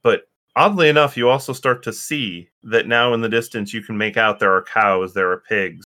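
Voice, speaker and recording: Guy running a tabletop game, lowish bright voice, lots of ums. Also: moderate pace. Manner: hesitant, many fillers and restarts. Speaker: game master.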